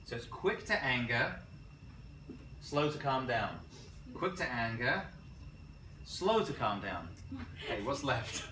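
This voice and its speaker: A man teaching a college class as a rabbi, lively and quizzing his students, correcting himself as he goes. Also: mid-range voice, slow, pauses often, a little hiss or hum. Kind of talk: classroom lecture. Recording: roomy classroom picked up from a distance.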